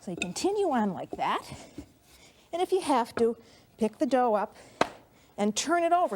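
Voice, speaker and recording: In a cooking demonstration, a middle-aged host explains every step in a warm, chatty manner, slightly breathless while rolling dough. Her voice runs high with big pitch swings, a moderate pace, and long pauses, over a noisy background.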